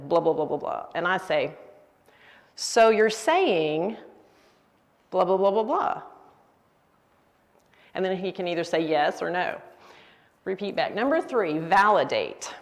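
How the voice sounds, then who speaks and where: Older woman teaching in a hall. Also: medium pitch. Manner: lively, with acted-out example phrases. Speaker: women's Bible study teacher. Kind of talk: teaching talk. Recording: reverberant hall.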